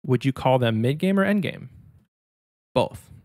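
A man co-hosting a podcast, explaining his view in a measured, agreeable casual chat. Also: medium pitch, lively intonation, warm tone, no room sound, clean studio sound. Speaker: podcast co-host.

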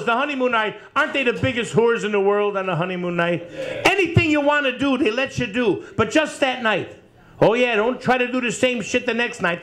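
A man in his fifties doing a profane stand-up routine, rapid-fire jokes and needling the crowd in a bar. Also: very high-pitched, a bit bright. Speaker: stand-up comedian. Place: bar with live audience. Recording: live bar set with crowd laughing. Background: crowd laughter.

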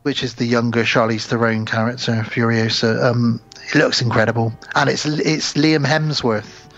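A man's voice: mid-range voice, steady tone, normal speed, fairly bright tone, muffled recording, soft background music. A man co-hosting a podcast, retelling a film's plot in casual chat and acting out the characters' lines. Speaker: podcast co-host. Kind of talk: casual film recap chat.

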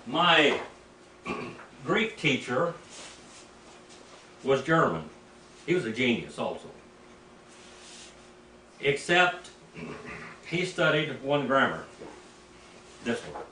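An older man, a preacher, teaching Greek in a rambling, anecdotal way, clearing his throat now and then. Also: medium pitch, very animated, extremely slow, long pauses, bright, forceful tone. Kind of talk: informal teaching sermon. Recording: echoey room, mic at a distance, faint background noise.

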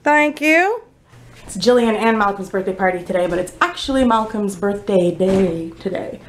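A woman's voice: mid-range voice, animated, moderate pace. A chatty woman filming a casual family vlog at her mother's house, laughing easily and talking to the camera. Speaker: vlogger.

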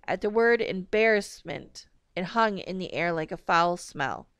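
Smooth-voiced woman reading a novel. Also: fairly low pitch, animated, a little slow, few pauses, fairly bright tone, no room sound, clean studio sound. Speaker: audiobook reader.

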